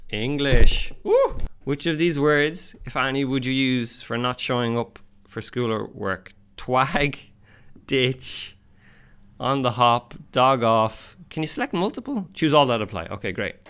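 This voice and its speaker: A young man with an Irish accent chatting casually and reacting to a quiz, self-mocking and animated. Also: medium pitch, takes it slowly, clean tone. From Ireland. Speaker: YouTuber. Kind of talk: casual vlog commentary.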